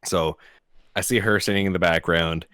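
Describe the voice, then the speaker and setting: A young man with a very low, deep voice tells crude, profanity-laced stories about his work in a casual podcast chat. He laughs often between lines, and the sound is dry and close to the mic. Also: steady tone, moderate pace, fairly bright tone, no echo. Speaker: podcast co-host.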